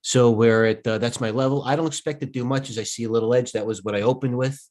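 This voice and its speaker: A man's voice: medium pitch, steady tone, quick pace, a little mellow. A middle-aged man hosting a live trading stream, a little tired and rambling as he thinks aloud and interrupts himself. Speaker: stock trading host.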